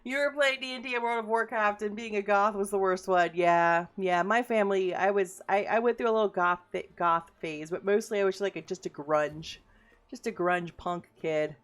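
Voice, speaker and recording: A woman in casual chat as an interviewer, talking fast, chatty and swearing freely. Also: mid-range voice, fairly even intonation.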